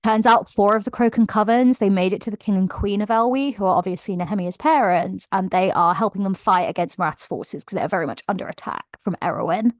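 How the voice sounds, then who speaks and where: A woman's voice: medium pitch, fairly quick, few pauses, dry recording. A woman book vlogger giving a casual, emotional and gushing plot recap. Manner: emotional, gushing and animated retelling.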